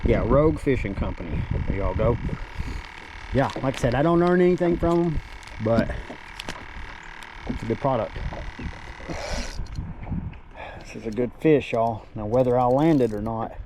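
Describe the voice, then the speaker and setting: Southern male fishing vlogger, folksy and chatty, outdoor recording with steady noise. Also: mid-range voice, a little slow, pauses often. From Tennessee. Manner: folksy, says y'all often. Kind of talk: casual on-camera chat. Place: small boat on a river, outdoors.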